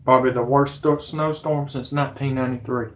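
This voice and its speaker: A man with a drawl whose voice is hoarse and worn from illness. He rambles to his viewers, agitated and pleading, circling back over the same words again and again. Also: mid-range voice, fairly even intonation, a little fast. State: hoarse, sick voice. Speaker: conspiracy vlogger. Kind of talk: rambling monologue to camera.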